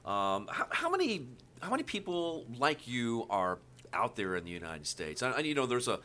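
A man interviewing a guest for a local TV segment, asking halting, friendly questions. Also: medium pitch, wildly swooping pitch, bright, forceful tone.

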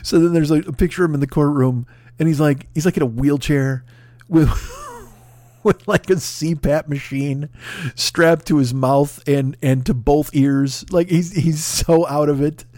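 A man holds forth in a loud, profane comedic rant, stumbling over restarts and laughing at his own lines. His voice sits a bit high for a man. The recording is close and completely dry, with no room sound at all. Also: animated, measured pace, no echo. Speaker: podcast host.

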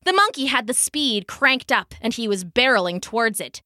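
Female storyteller, children's read-aloud, bright and lively, dry close sound. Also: a little high, moderate pace, no echo. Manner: animated, expressive reading with sound-effect words.

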